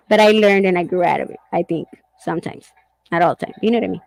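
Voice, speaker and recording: A woman's voice: mid-range voice, steady tone, brisk, creaky, long pauses, a little mellow, no echo, rough recording. A middle-aged woman chatting candidly and casually, swearing and laughing often as she talks. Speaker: host. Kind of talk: casual chat.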